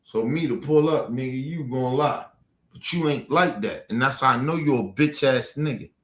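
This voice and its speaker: A man's voice: medium pitch, normal speed, roomy sound. A man ranting at a viewer on a livestream, aggressive and profane. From Baltimore. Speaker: streamer. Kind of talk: livestream rant.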